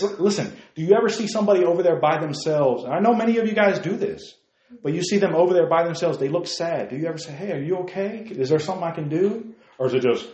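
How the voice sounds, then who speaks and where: A man's voice: on the high side, warm tone, reverberant. A man preaching a sermon as pastor, talking in a conversational way and asking the congregation questions.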